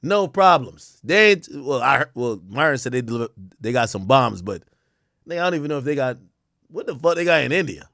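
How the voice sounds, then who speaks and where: Lively, profane male livestream host. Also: mid-range voice, brisk, creaky, dry recording, studio quality. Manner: loose, profane, animated riffing with sudden loud outbursts. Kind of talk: casual livestream commentary.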